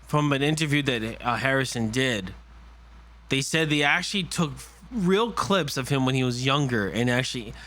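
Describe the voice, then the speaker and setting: Excitable man reacting to a trailer. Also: mid-range voice. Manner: excitable and rambling, with many fillers and restarts. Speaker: movie trailer reviewer. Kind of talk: casual reaction commentary.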